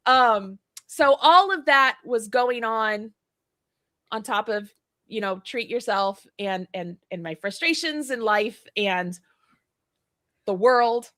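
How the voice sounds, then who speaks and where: A woman's voice: on the high side, slow, no room sound, clean studio sound. A woman, hosting a casual chat and telling stories with acted-out dialogue and frank swearing. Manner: animated storyteller, acts out dialogue, swears freely. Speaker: podcast host.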